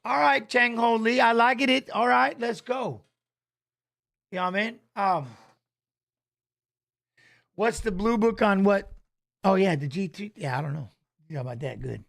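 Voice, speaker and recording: Brief: high-pitched male host, casual rambling watch-along chat, keeps saying "you know what I mean". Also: expressive, a little slow, creaky, long pauses, fairly bright tone. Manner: loose, rambling, chats with viewers, reads fighter stats aloud.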